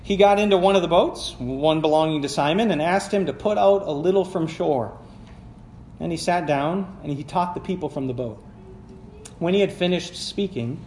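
A man's voice: fairly high pitch, reverberant, slight background noise. A man preaching a sermon, reading scripture aloud and explaining it in a conversational way, asking the congregation questions as he goes. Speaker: pastor. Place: church sanctuary.

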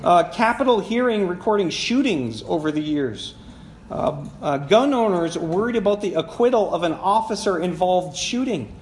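Man, pastor, high voice, conversational sermon, laughs at himself, faint background hiss. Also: lively intonation, moderate pace. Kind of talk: sermon told as a personal story. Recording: echoey room with faint background noise.

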